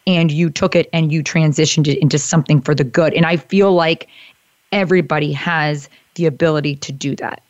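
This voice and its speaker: A woman's voice: deep voice, fairly even intonation, a little fast, no echo, highs cut off. Affirming woman podcast host. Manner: affirming, reflective, rephrases the guest. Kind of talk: supportive interview conversation.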